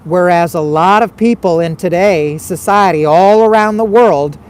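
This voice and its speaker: A man's voice: high voice, normal speed, clear, resonant tone. A man hosting a casual livestream, reading viewer comments and arguing back with repeated rhetorical questions. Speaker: livestream host.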